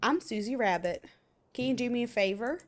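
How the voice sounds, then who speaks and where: A woman's voice: fairly high pitch, animated, a little fast, a little hiss or hum, lightly acted. A woman voicing a pushy, petulant young rabbit in a game, with a put-on Southern accent. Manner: pushy, whiny.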